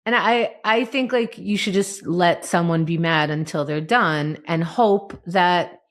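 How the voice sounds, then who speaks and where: A woman co-hosting a podcast in casual chat, animated and self-deprecating. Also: lowish voice, a little slow. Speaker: podcast co-host.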